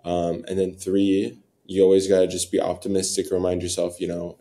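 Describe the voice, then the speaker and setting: A man's voice: low-pitched, level tone, normal speed, hardly any pauses, mellow. A man co-founder speaking as an interview guest in plain, matter-of-fact casual talk.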